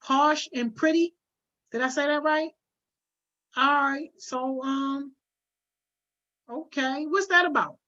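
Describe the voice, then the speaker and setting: Reading viewer comments aloud on her casual livestream, a woman uses lots of slang and laughs often. Her high-pitched voice is bright and forceful, and she takes it slowly with long pauses, all in dull lo-fi audio.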